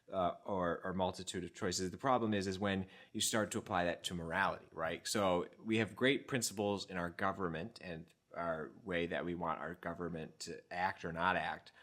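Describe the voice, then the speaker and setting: Deep-voiced man, lively chatty co-host. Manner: lively storyteller, laughs often. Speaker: podcast co-host. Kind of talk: casual conversational chat.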